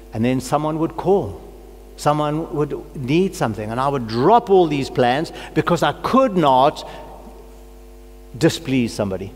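A middle-aged man who is a pastor, preaching a personal sermon with earnest, fervent prayer and a cold. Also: mid-range voice. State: has a cold. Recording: long hall reverb, faint hum.

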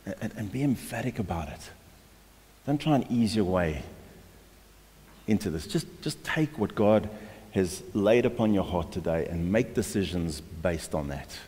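Deep-voiced male pastor preaching in a hall. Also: lively intonation, a little slow, dark tone. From South Africa. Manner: emphatic, exhorting, with repeated restarts. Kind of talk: sermon. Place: church hall. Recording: long hall reverb.

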